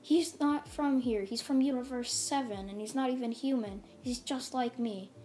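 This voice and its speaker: A woman's voice: on the high side, moderate pace, warm tone, lightly acted. Woman doing an earnest young hero boy. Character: young male hero explaining himself.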